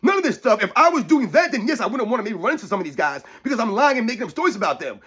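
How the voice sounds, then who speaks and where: Fast-talking man in a mocking sports rant. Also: very high voice, big pitch swings, a bit bright, husky. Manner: blunt, mocking, repeats points, addresses viewers as guys. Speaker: sports commentary vlogger. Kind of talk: heated opinion rant to camera.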